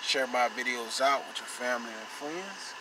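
A man hosting a car detailing channel casually shows off his results, pointing them out again and again in this how-to demonstration. His mid-range voice is expressive and moderately paced. Vehicle sounds and noisy ambience fill the background.

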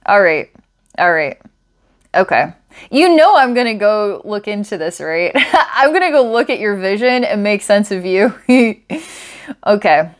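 A young adult woman in the middle of an online psychic reading, talking to the camera in a relaxed, casual way. She is openly enthusiastic and laughs often. She thinks aloud in a voice of ordinary pitch. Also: a little slow, pauses often. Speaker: psychic reader.

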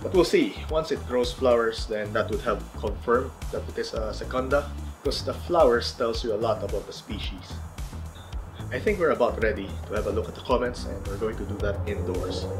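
Deep-voiced easygoing man vlogging. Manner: relaxed, easygoing, chuckles softly. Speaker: gardening vlogger. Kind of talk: casual vlog narration. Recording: roomy echo with faint music.

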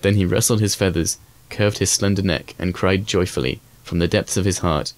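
Deep voiced guy reading a fairy tale audiobook, calm and even, dry close sound. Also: moderate pace, few pauses, no echo. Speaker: audiobook reader. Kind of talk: scripted storybook narration.

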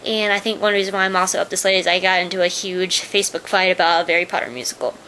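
A woman's voice: on the low side, fast, sharp tone, a little hiss or hum, poor audio. A young woman chatting casually to her webcam, rambling through stories and gushing sign-offs. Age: young adult. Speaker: vlogger. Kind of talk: casual vlog chat.

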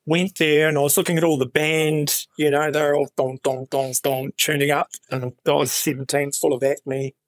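A middle-aged man with a New Zealand accent, a guest actor on a podcast, telling animated anecdotes in a casual chat with voiced quotes of other people. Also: a little high, normal speed, hardly any pauses, no room sound, clean studio sound.

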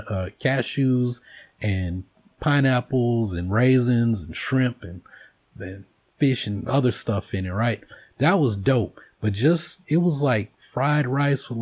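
Man, casual vlog monologue, salty language, animated jokey storytelling. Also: mid-range voice. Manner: profane, joking, animated storytelling. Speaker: vlogger host.

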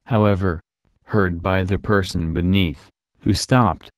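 A man reading a classic novel aloud as an audiobook, voicing every part in a brisk, even reading voice. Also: low voice, no room sound, clean studio sound. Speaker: audiobook reader. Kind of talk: scripted narration.

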